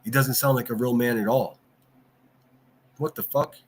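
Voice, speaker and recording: A man's voice: mid-range voice, fairly even intonation, moderate pace, husky. A man hosting a livestream, ranting and mocking in casual commentary and answering his chat. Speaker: livestream host.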